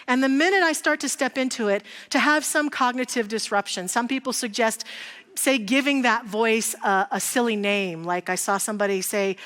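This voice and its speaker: A woman delivers a sermon in a higher-pitched voice. She talks in an earnest, reflective, storytelling manner. Her voice rings out with the long reverb of a large hall. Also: expressive, moderate pace, fairly bright tone. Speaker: speaker. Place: church sanctuary.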